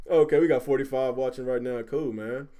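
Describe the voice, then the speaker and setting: A man hosting a casual gaming livestream, animated and quick to swear when riled up. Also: medium pitch. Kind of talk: casual chat.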